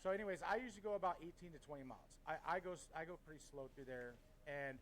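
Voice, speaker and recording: A middle-aged man from Washington State telling a story in a casual podcast chat, heated, swearing often, and animated. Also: a little high, fast, a little hiss or hum, poor audio. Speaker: podcast co-host.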